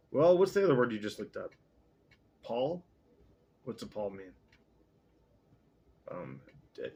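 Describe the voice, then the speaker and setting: Husky man stumbling through a read-aloud. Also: lowish voice. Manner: stumbles over words, swears at himself. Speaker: reader. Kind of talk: casual read-aloud with commentary.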